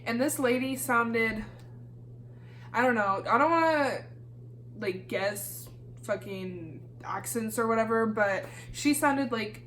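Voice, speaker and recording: A young woman from Kansas telling a storytime vlog in a lively, casual way, swearing freely and acting out the dialogue. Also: fairly high pitch, slow, slight background noise. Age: young adult. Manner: animated, swears freely, acts out quoted dialogue. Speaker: YouTuber.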